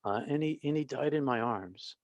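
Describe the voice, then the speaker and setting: A middle-aged man, a former pastor, telling stories as a podcast guest, halting and restarting often and sometimes dropping to a soft whisper. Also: medium pitch, expressive, dry recording, dull audio. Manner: halting with many restarts, drops to a soft whisper when quoting. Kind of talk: storytelling interview.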